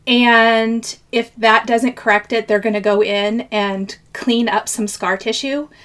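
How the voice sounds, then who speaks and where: Chatty high-voiced woman hosting a live stream. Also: steady tone, slow, a bit bright. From American Midwest. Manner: chatty, greets viewers by name, laughs often. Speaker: craft channel host. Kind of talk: live-stream chat with viewers.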